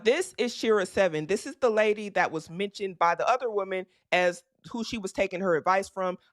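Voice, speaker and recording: Measured, hedging reaction commentator. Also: medium pitch, no room sound, clean studio sound.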